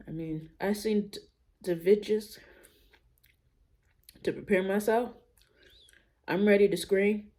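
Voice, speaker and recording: A young adult woman talking candidly in a casual personal vlog, musing out loud with relaxed everyday slang. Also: fairly low pitch. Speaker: vlogger.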